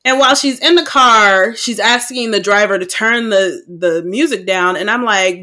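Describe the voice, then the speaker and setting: A woman co-hosting a podcast, recapping a film in casual chat, animated and profane, acting out her own reactions. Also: mid-range voice, moderate pace, few pauses. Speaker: podcast co-host.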